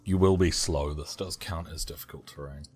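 A man narrating as game master of a tabletop game, describing scenes calmly with hesitant fillers. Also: rumbling low. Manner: calm, measured descriptions with fillers.

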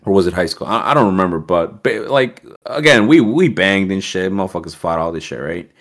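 A man's voice: low voice, a little fast. A man telling a story as a podcast guest, in a casual streetwise manner with heavy swearing. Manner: streetwise slang, heavy swearing, animated quoting.

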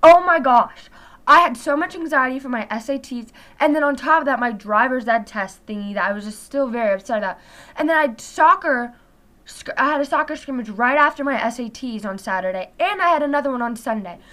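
A teenage girl telling a casual storytime, chatty and animated, filling her talk with "like". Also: sits high, fairly quick. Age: teens. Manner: chatty, heavy use of "like", animated retelling. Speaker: vlogger.

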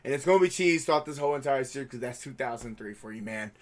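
A man co-hosting a casual chat, excitable and laughing often, with casual swearing. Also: mid-range voice, rapid-fire, crowd noise. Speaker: podcast co-host.

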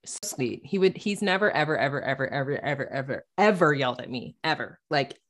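A woman's voice: extremely low pitch, lively intonation, brisk. A woman co-hosting a podcast in casual, candid chat, laughing often and swearing freely. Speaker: podcast co-host.

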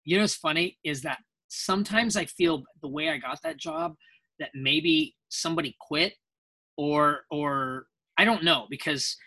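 A man's voice: a little high, lively intonation, a little slow, creaky, bright, forceful tone. A man, a voice actor guest in a casual interview, telling rambling anecdotes and acting out quoted voices along the way.

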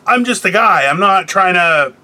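A man with a bright, somewhat high voice hosts a loose, joking chat recorded in a car. He rambles through stories with plenty of swearing and offhand asides. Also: expressive, moderate pace. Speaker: podcast host. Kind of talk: casual chat.

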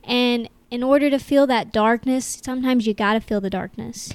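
A young woman with a Midwestern American accent, co-hosting a casual family podcast and talking earnestly and reflectively. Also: a little high. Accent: Midwestern American, Iowa. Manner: earnest, reflective, quick asides. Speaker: podcast co-host, granddaughter.

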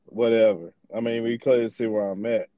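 A man's voice: fairly low pitch, steady tone, brisk, muffled recording, crowd noise. Profane young man hosting a podcast. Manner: loose, profane, rambling storyteller. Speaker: podcast host. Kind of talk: casual profane podcast banter.

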